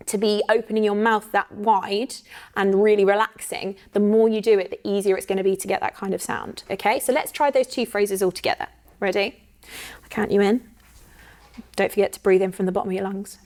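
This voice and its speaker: A woman, teaching an online singing workshop in an encouraging way and checking in often with "okay?". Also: medium pitch. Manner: counts in and sings demo phrases.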